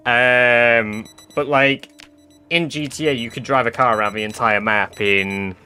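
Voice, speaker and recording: A man's voice: medium pitch, steady tone, measured pace, pushed and bright, a little hiss or hum. A British man on a live game stream, rambling and thinking aloud in casual chat, swearing now and then.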